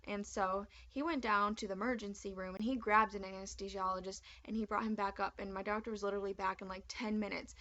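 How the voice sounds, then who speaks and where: A young woman telling a personal story straight to camera, candid and chatty, with lots of "like" and lively retold lines. Her pitch sits in the middle of the range. The home recording sounds a little dull and lo-fi. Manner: chatty, candid, animated retelling with frequent "like". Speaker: vlogger.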